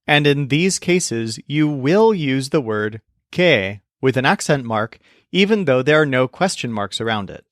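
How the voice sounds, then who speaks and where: A man narrating a scripted language lesson, explaining clearly and slowing down to model example phrases. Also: mid-range voice, a bit bright, no echo, clean studio sound. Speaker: language teacher.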